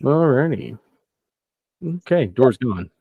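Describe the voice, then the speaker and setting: A man's voice: medium pitch, lively intonation, takes it slowly, creaky, husky, no room sound, narrow, tinny audio. A man narrating as game master, loose and descriptive, often laughing.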